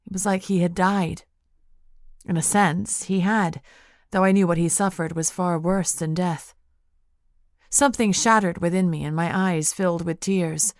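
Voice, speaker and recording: A woman reading first-person narration of an audiobook in a measured, intimate way. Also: on the low side, steady tone, dry recording, clean studio sound.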